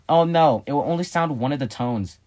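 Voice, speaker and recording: A man's voice: a little high, a little fast, a little mellow. A man in a casual vlog, explaining a hobby build in a rambling way, restarting and correcting himself as he works on it. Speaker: hobbyist vlogger.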